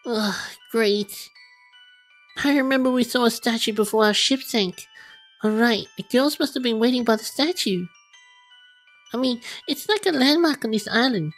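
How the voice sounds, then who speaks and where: A woman voicing a flustered, jumpy young female principal in a high, squeaky voice while reading game dialogue aloud. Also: moderate pace, faint music behind, close to an everyday voice. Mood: bewildered.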